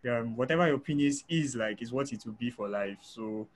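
A man's voice: medium pitch, moderate pace, a little hiss or hum. A man hosting a webinar who reads out audience questions with a hesitant manner and many fillers. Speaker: webinar host. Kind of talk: moderating questions. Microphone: video call.

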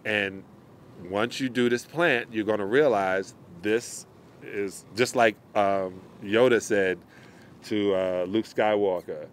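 Animated middle-aged man telling stories. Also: lowish voice, slow pace, a little hiss or hum. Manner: animated storyteller, acts out quotes. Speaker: podcast guest. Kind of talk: casual chat.

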